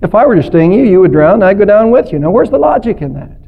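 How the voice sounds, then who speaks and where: A sly male scorpion in a spoken fable, calm and smooth-talking, as a preacher puts him on. The delivery drops low and soft, and the recording sounds dull and lo-fi. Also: quick pace, full character voice.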